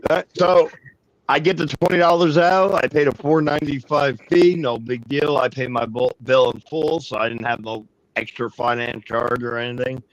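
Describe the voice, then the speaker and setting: A man telling a long, profane anecdote in casual chat, rambling and animated. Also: medium pitch, moderate pace, dry recording, rough recording. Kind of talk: casual storytelling.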